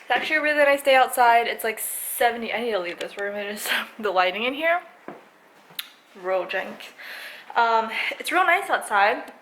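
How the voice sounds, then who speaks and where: A woman's voice: on the high side, expressive, moderate pace, a bit bright, slight background noise, low-quality recording. Rambling young woman vlogging at home. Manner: rambling, filler-heavy, drops to half-whispers. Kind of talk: casual vlog chat. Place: at home, bathroom then bedroom.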